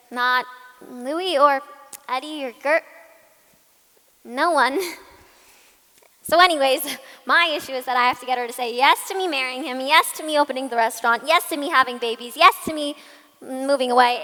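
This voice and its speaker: A woman's voice: high-pitched, normal speed, pushed and bright. A teenage girl acting in a school play as a simple-minded, eager grown woman who talks in a naive rush. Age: teens. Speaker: student actor. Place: school auditorium stage. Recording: echoey hall from a room mic.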